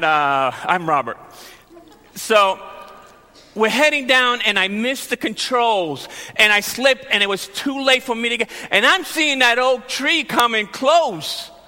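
A high-voiced man preaching a sermon in a hall with a long echo. He tells personal stories with animated energy and acts out the shouting moments. His voice is very bright and ringing. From Long Island, New York.

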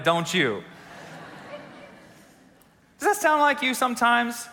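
A man preaching in a church sanctuary, his high, bright voice ringing out with a long reverb behind it. He tells funny stories and keeps turning to the congregation with questions. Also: sing-song, takes it slowly, pauses often. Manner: storytelling with humor and audience questions. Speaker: pastor. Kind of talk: sermon.

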